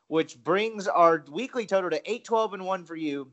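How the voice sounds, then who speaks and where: A man's voice: sits high, normal speed, fairly bright tone, highs cut off. A man co-hosting a sports betting podcast in casual, self-deprecating, rambling chat. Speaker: podcast co-host.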